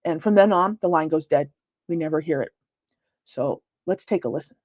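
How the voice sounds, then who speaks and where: A woman's voice: sits low, normal speed, a little mellow, no room sound. A woman paranormal investigator giving an informal virtual lecture, talking conversationally with many fillers and restarts. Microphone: computer mic on a video call.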